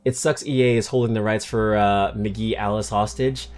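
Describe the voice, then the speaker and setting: A man's voice: fairly low pitch, fairly even intonation, normal speed, clean tone. Massachusetts guy streaming a game, jokey and sweary, game music faint in the background. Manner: joking, swears, self-mocking. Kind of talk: casual game commentary.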